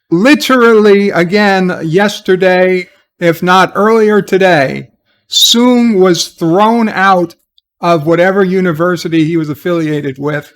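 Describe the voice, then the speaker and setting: A man's voice: sits high, slow pace. A man giving a casual spoken recap of a TV episode, rambling and hesitant with lots of fillers and sarcastic, exasperated asides. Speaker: TV episode reviewer.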